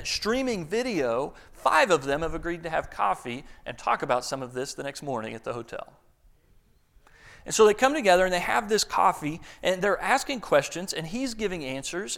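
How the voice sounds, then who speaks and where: A man's voice: a little high, vocal fry, fairly bright tone. A man preaching a sermon, telling a story earnestly with small restarts.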